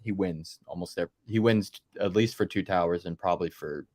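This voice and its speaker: A man's voice: low-pitched, normal speed, a little mellow. A man co-hosting a podcast in casual movie chat, enthusiastic, laughing often and trailing into fillers. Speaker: podcast co-host.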